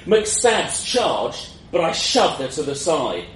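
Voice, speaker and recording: A man's voice: a little high, wildly swooping pitch, slow pace, hardly any pauses, fairly bright tone. A man narrating a first-person fantasy story in a wry, self-mocking way, in a roomy, distant, noisy recording.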